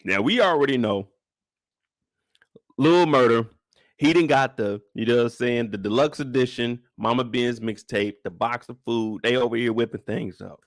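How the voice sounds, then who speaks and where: A young man hosting a casual live recap show, joking and profane, ranting with sudden high-pitched bursts of outrage. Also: moderate pace, no room sound, clean studio sound. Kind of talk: animated casual recap chat.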